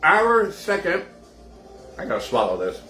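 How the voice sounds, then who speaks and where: A man's voice: a little high, wildly swooping pitch, unhurried, bright, forceful tone, soft background music. Chatty man hosting a home cocktail show. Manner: chatty, talks straight to viewers. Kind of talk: casual live cocktail demo. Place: indoors at home. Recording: roomy echoey room.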